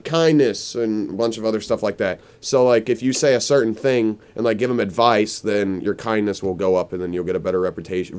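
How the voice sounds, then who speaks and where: A man's voice: on the low side, darkish tone, clean tone. A young adult man hosting a podcast, chatting casually and rambling through a story with lots of filler words. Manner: rambling storyteller, heavy on filler "like", laughs often. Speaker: podcast host. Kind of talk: casual chat.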